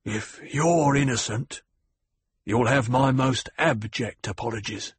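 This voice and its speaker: Man playing a raspy older security chief, clipped, growling, defensive, husky, dry storybook. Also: mid-range voice, takes it slowly, no echo. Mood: stiff, defensive. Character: proud, prickly older male security chief. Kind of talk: audiobook character voice.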